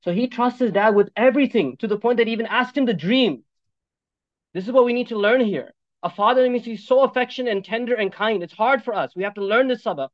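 A male preacher giving a sermon on Quran commentary, animated, with joking asides and switches between Arabic recitation and English. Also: very high-pitched, fast, dry recording. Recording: dull, dry lo-fi recording.

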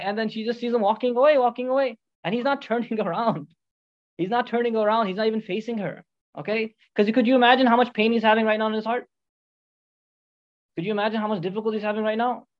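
A religious teacher telling a story as a sermon, often checking in with listeners with a quick "right?" or "okay?" and weaving in short Arabic phrases. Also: mid-range voice. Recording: dull lo-fi recording.

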